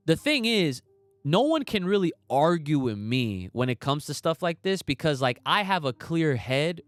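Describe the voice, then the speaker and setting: A young man hosts a casual livestream podcast, ranting emphatically with slang and swearing. His voice is smooth and clear, recorded dry and close. Faint music plays underneath. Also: on the high side, a bit bright, no echo. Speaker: podcast host. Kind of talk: casual livestream chat reading viewer comments.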